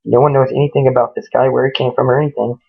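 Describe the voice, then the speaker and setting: A man voicing a frightened husband in a ghost story, talking in hurried, panicky run-on pleas. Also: medium pitch, steady tone, gravelly, husky. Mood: indignant. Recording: tinny phone-like lo-fi audio.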